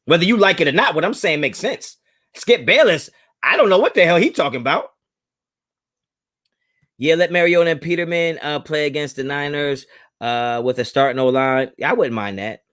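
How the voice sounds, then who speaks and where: His voice sits fairly high and a bit bright, moving at a moderate pace. He's a man running a live sports fan stream, chatting casually but emphatically with viewers directly and going back over what he's said.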